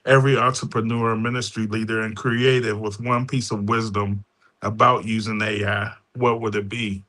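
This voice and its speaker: A man hosting a conversational interview, asking questions in a measured way. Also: lowish voice, little pitch movement, sharp tone.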